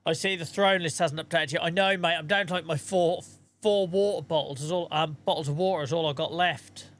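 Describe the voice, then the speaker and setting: A man's voice: on the high side, steady tone, a little fast, a bit bright. A man chatting casually on a live stream while he plays a game, thanking viewers and muttering asides to himself.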